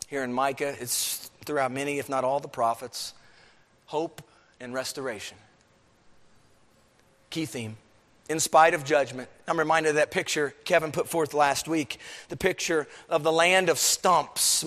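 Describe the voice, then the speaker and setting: A man preaching a sermon, swinging between emphatic, raised peaks and low, quiet stretches. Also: fairly even intonation, normal speed. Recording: long hall reverb.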